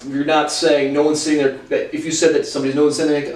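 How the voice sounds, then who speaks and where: A man's voice: fairly high pitch, little pitch movement, rapid-fire, hardly any pauses, a little mellow, reverberant, far from the mic, poor audio. A man thinking aloud as he talks through dictionary entries in a casual language lesson.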